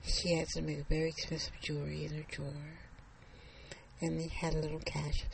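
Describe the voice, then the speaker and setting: Gravelly, hushed storyteller. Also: mid-range voice, completely flat delivery, slight background noise, rough recording. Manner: slow, suspenseful narration with hushed whispers. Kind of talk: told story.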